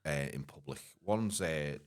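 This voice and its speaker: A man's voice: rumbling low, unhurried. A man co-hosting a pub podcast, making dry, playful wisecracks in casual banter. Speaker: podcast co-host.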